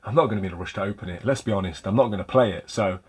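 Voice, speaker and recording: A man's voice: fairly low pitch, racing, a little mellow, breathy edge. A man hosting a casual vlog about retro game pickups, chatty and rambling with a light self-mocking humor. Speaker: retro game collector and channel host.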